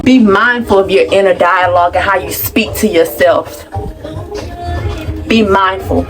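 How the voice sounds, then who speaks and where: A woman's voice: medium pitch, fairly even intonation, measured pace, music in the background. A woman hosting her own video channel in a casual, dramatic monologue, outspoken and full of profanity. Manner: self-affirming, outspoken. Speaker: YouTube host.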